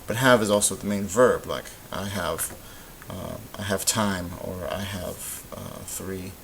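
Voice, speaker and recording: Low-voiced man explaining grammar. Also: unhurried, gravelly. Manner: relaxed explaining with many ums and uhs. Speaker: Spanish teacher. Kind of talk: recorded lesson voice-over. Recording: faint hiss.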